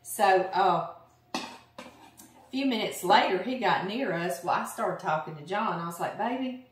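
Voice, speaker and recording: A woman's voice: lowish voice, a little slow, a little hiss or hum. Chatty Louisiana woman telling stories in a roomy kitchen. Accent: Southern US, Louisiana. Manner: chatty, sarcastic humor, animated storyteller. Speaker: cooking channel host. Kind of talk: casual storytelling while cooking. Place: home kitchen. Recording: roomy kitchen, mic at a distance. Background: chopping and kitchen clicks.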